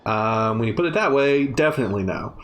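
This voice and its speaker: Woman streamer chatting over a game, wry and offhand, low voice that jumps around, faint game music. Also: expressive, fairly quick. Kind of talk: casual game commentary.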